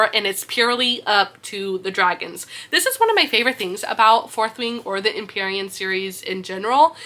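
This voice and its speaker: A young woman hosting a book podcast, excitedly recapping a fantasy novel in a casual, animated storytelling manner. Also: mid-range voice.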